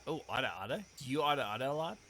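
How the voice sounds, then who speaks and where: A man's voice: on the high side, expressive, rapid-fire, bright, forceful tone, faint music behind. A man hosting a casual stream interview, playful and teasing, often repeating his own phrases.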